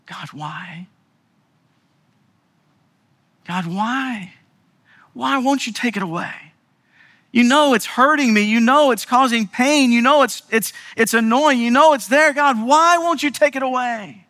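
A man's voice: very high-pitched, lively intonation, moderate pace, sharp tone, voice pushed up, full character voice. A man voicing a frustrated apostle who begs God to take his burden away, in a strained, pleading voice.

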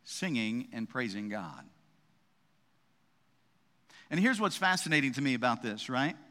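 A pastor delivers a sermon in a medium-pitched, bright, forceful voice, very animated yet measured in pace. He talks conversationally with frequent "right?" asides and restarts, and the recording carries a large hall's long reverb.

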